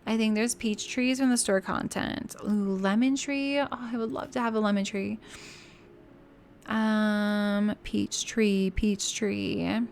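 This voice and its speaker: A woman's voice: medium pitch, steady tone, slow, gravelly, a little mellow, a little hiss or hum. A woman game streamer chatting casually and giggling with her viewers while she builds in a game.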